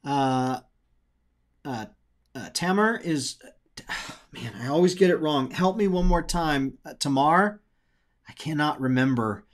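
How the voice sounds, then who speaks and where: A man's voice: on the high side, slow, long pauses. A man co-hosting a live show, casually reading out viewer comments and questions. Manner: easygoing, reads viewer names and comments aloud.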